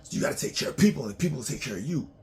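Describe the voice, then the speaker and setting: A man's voice: medium pitch, lively intonation, racing, a little mellow. A man talking casually in a loose, profane, rambling monologue to his own channel, often breaking into laughs. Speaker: vlogger.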